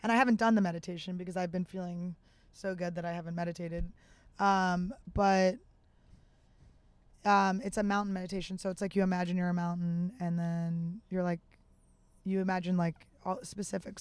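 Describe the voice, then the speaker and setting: Woman guest, candid storyteller, emotional and open, smooth tone, dry close sound. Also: on the low side, level tone, normal speed, no echo. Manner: emotional and open, with many fillers.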